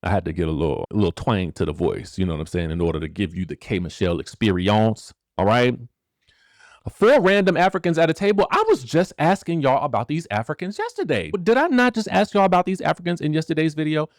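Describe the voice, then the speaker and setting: A man hosting a casual celebrity gossip commentary, animated and rhetorical, who keeps asking the viewers questions and checking in with them. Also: lowish voice, fast talker, few pauses, dry recording, clean studio sound. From rural area. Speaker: gossip show host.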